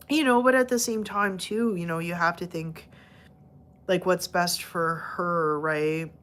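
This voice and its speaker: A woman with a slightly low voice hosting a casual livestream. She talks to her viewers by name and fills her speech with "like" and "you know," often restarting her sentences. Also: slow, long pauses, a bit bright. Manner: chatty, with many fillers and restarts. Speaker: livestream host.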